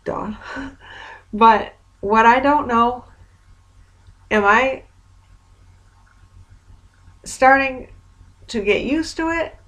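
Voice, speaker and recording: A woman's voice: a little high, very slow, pauses often, a bit bright. A woman recording a casual video diary, rambling in an exasperated, wry way. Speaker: vlogger.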